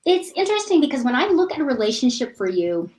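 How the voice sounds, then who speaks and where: A woman giving a live psychic reading, animated and affectionate, calling listeners sweetie and honey. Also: high-pitched, quick pace, rough recording. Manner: animated, bubbly, laughs often. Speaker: psychic reader.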